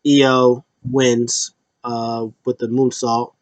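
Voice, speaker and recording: A man's voice: mid-range voice, level tone, drawn-out words, no room sound. A man hosting a casual solo recap, rambling loosely with restarts and fillers. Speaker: wrestling show host. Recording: dull lo-fi dry recording.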